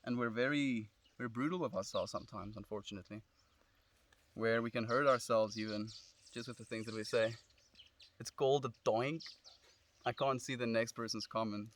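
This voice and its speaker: A man's voice: mid-range voice, moderate pace, slight background noise. A young South African man with a South African accent, chatting casually on a live stream outdoors from his phone and answering comments in a friendly, reflective way. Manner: relaxed, friendly, reflective, calls viewers friend. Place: outdoors under a tree in the sun.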